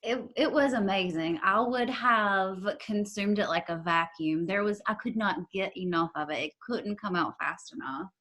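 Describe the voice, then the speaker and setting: A woman's voice: mid-range voice, normal speed, hardly any pauses, fairly bright tone. A woman co-hosting a podcast, speaking in an eager, gushing way. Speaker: podcast co-host. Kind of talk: casual interview chat.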